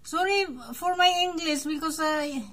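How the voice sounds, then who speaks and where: A woman's voice: extremely high pitch, fairly even intonation, measured pace, a bit bright. A woman with a Filipino accent coaxing a cat to eat in a sing-song voice, often laughing and slipping local words in between English. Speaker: pet sitter. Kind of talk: talking to a cat.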